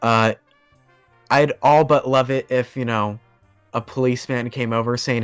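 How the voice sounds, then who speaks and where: With soft music in the background, a young podcast guest tells a long story in casual chat, rambling, using lots of fillers, laughing as he goes, and acting out quoted voices. His medium-pitched voice is steady, clean, and a little slow.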